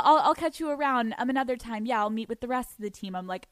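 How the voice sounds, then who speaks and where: A woman's voice: on the high side, lively intonation, fast talker, few pauses, dry recording. A young woman hosting a podcast, telling a story in a giddy, profane way and laughing often. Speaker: podcast host. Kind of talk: casual storytelling monologue.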